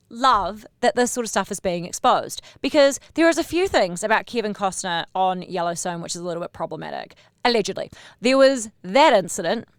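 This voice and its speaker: Gossipy, animated woman podcaster. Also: a little high, clear, resonant tone, no room sound, studio quality. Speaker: podcast host. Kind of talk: casual pop-culture podcast chat.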